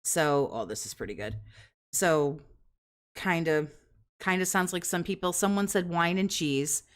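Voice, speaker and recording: A woman hosts a reaction commentary, talking over a streamer's clips with open mockery. Her voice sits fairly low, and her tone stays sarcastic and profane. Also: unhurried. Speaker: commentary host.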